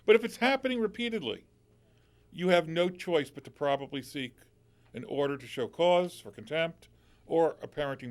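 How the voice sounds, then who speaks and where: A male lawyer hosting call-in radio with a somewhat high voice that has a gravelly, creaky edge. He gives advice in a plain-spoken, conversational way.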